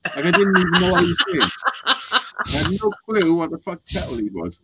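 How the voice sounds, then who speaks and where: A man's voice: sits high, fairly quick, background noise. A man telling wild stories in a casual group chat, swearing a lot and acting out what people said. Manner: animated, swearing, acts out quotes.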